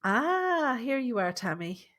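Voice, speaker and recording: A woman's voice: fairly high pitch, sing-song, slow pace, a bit bright. A woman working as a medium, talking through a live reading with a caller in a chatty, reassuring way full of fillers. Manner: chatty, reassuring, thinks aloud with many fillers.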